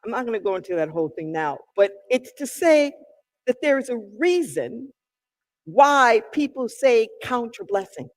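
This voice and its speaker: A minister preaching a sermon with emphatic delivery, drawn-out key words and sudden loud calls. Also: medium pitch, sing-song. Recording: long reverb in a large hall.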